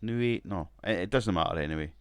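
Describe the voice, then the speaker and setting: A gaming video creator talks casually about his wrestling management game, his deep voice moving at a quick pace with no echo. He rambles, and every so often he swears or laughs.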